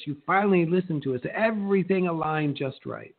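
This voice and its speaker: A middle-aged man coaching real estate agents in a motivational talk, lively and acting out little exchanges in shifting voices. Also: fairly high pitch, a little fast. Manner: animated, acts out quoted exchanges in changing voices. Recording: narrow phone-like sound.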